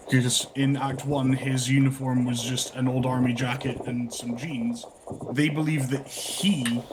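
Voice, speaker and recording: A man in the game master's seat talks his players through a story recap in a loose, rambling way, often backing up to fix what he just said. His voice sits at an ordinary middle pitch. He comes through a headset over voice chat, with clear noise under the sound. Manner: rambling, self-correcting explanation. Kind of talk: out-of-character mission recap.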